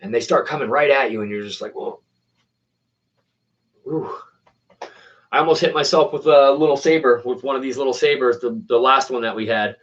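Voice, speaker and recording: A man's voice: medium pitch, fast talker, few pauses, a bit bright. A man hosting a casual RC plane channel, chatting with viewers in laid-back slang. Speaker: RC plane hobbyist host. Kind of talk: casual chat, replying to viewers. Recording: distant, dull lo-fi sound.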